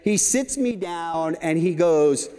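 A man in his fifties giving a conference talk, telling lively anecdotes with frequent "right?" asides. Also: a little high, takes it slowly, smooth. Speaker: keynote speaker. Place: large conference hall stage. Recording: reverberant conference hall.

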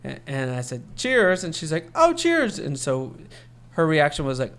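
A man's voice: mid-range voice, fairly even intonation, moderate pace, gravelly, smooth. Chatty man telling a long story. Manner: long-winded, acts out quoted voices. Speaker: podcast co-host. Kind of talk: casual storytelling chat.

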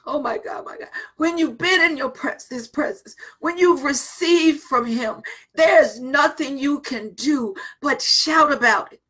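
Woman pastor, high bright voice, fervent rhythmic prayer with bursts of tongues. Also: unhurried. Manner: informal everyday phrasing. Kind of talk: prayer and preaching.

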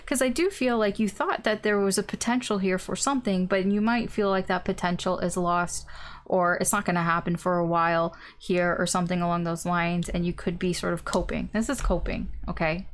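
A woman's voice: lowish voice, fairly even intonation, a little fast. Hedging casual woman reading tarot. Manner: hedging, thinking aloud with many ums and maybes; blunt and informal, with mild swearing. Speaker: tarot reader.

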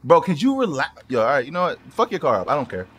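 A man narrates his car game in loud, profane bursts, and his voice leaps wildly up and down. It sits a bit higher than most. Steady noise runs under the recording. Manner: loud, excitable, profane, quick outbursts. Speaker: gaming YouTuber. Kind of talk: excited gameplay commentary. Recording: noisy game audio behind the voice.

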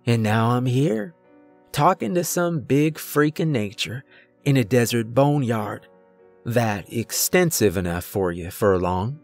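A gruff, worn-out Old West outlaw, put on by a male narrator, drawling his words rough and blunt with a bitter edge. He takes his time, each phrase dragged out slow and heavy, over faint music. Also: medium pitch, expressive, a little mellow.

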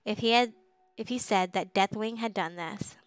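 A woman reading a fantasy novel aloud as narrator, steady and even, with occasional slips. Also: medium pitch, moderate pace, dry recording, poor audio. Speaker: audiobook reader. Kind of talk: live book reading narration.

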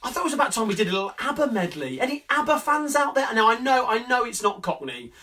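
A man from Coventry hosting a live sing-along stream from home, chatting quickly between songs with lots of fillers. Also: very high voice, sing-song. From England (Coventry). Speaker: sing-along host and singer. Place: at home during lockdown. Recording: distant mic, loud backing music.

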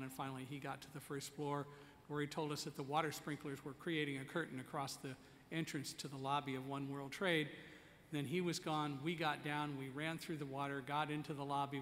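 High, bright-voiced male keynote speaker. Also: slight background noise. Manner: vivid, direct, commanding. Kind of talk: storytelling speech to an audience. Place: conference hall. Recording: echoey conference hall.

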